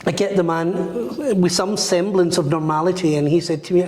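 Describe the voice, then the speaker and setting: A man's voice: high-pitched, moderate pace. A man talking as a guest in an interview, telling stories and acting out the voices of the people in them. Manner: animated, acts out the voices in his stories. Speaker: psychic medium guest. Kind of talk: storytelling in a podcast interview. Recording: roomy with long reverb.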